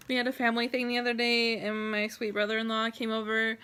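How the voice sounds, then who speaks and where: A young woman talks straight to her viewers in a personal vlog, rambling and close to tears as she thanks them. Her voice sits a little high and sounds bright and tense, and she stays open and heartfelt throughout. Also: monotone, fast, clear, resonant tone. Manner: emotional, rambling, grateful, tearful at times. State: teary. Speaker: vlogger.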